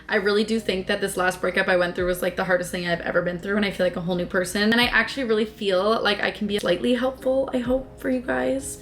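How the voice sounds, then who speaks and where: Young female vlogger, chatty and effusive, mid-pitched voice, raspy fry. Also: fairly even intonation, fast, hardly any pauses. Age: young adult. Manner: gushing, chatty, says "like" constantly. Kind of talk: casual chat to camera. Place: home, then in a car.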